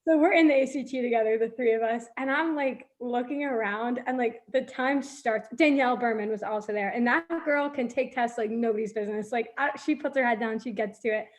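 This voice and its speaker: A woman's voice: a little high, a little fast, few pauses. A young woman recounting an anxious test day in casual chat, heavy with "like" fillers. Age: young adult. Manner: chatty, lots of "like" fillers.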